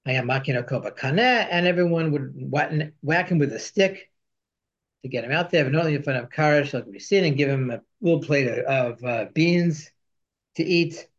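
A man's voice: fairly high pitch, animated, normal speed, highs cut off. A man teaching a class, reading Hebrew and Aramaic quotes aloud and translating each line as he goes. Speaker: Torah teacher. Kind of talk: text study lesson.

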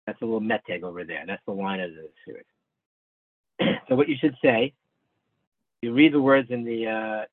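A man leads a small online study class over video, patiently working through Hebrew texts step by step and speaking to students by name. His middling-pitched voice sounds narrow and phone-like, completely dry with no room sound, and he frequently breaks off mid-sentence to start again.

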